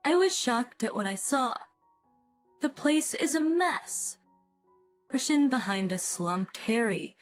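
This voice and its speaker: A woman in her fifties narrating a first-person family story in a calm, matter-of-fact way. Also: fairly high pitch. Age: 50s. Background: faint background music.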